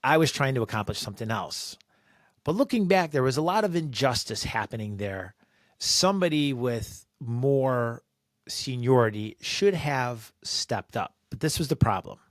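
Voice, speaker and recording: A man sharing a workplace story as a podcast guest, animated and acting out quoted voices. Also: medium pitch, moderate pace, no echo, clean studio sound. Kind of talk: personal storytelling.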